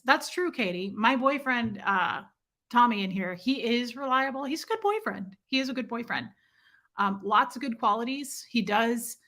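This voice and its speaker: A woman's voice: fairly high pitch, pushed and bright. A woman in her forties hosting a casual livestream, chatting and reading comments with teasing, self-deprecating humor. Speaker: livestream host reading chat.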